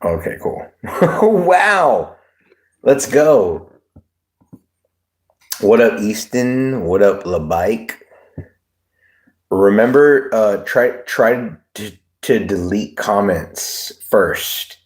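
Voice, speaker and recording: Deep-voiced, laid-back male streamer. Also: takes it slowly, a little mellow. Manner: rambling, joking, crude, reads chat aloud. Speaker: livestream host. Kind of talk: casual livestream chat.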